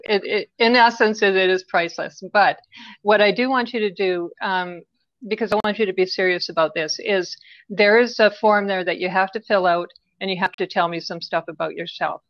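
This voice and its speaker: Here the same woman's medium-pitched voice moves at a normal speed with fairly even intonation; there's no echo, though the highs are cut off. Chatting casually as an interview guest, the business coach describes her work plainly and practically, frequently adding "right?"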